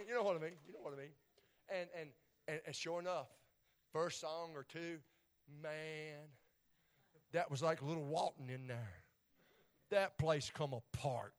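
A middle-aged man, preaching a testimony, swinging between hushed tones and shouts and repeating his phrases. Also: on the high side, a little slow, long pauses. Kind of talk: sermon storytelling.

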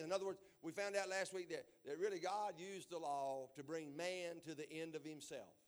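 A man, a pastor preaching a folksy Bible sermon and building to loud emphasis. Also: on the high side, fairly quick, few pauses.

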